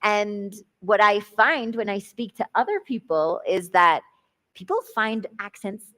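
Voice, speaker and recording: A woman who grew up in England hosting a live podcast conversation, talking quickly and laughing often. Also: mid-range voice, lively intonation, sharp tone. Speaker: podcast host.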